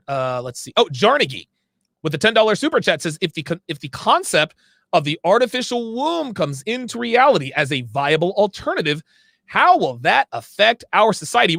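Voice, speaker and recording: A man with a lively, swinging voice and a gravelly edge hosts a livestream. He reads viewer messages aloud and answers them bluntly and with emphasis. The sound is close and dry. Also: high voice, brisk, no echo. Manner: emphatic, blunt, stops to fix his own words. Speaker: livestream host reading viewer chats. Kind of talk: casual livestream talk.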